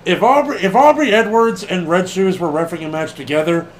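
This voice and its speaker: A man co-hosting a casual wrestling podcast, animated and laughing often, swearing freely and acting out what people said. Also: sits high, brisk, slight background noise. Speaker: podcast co-host.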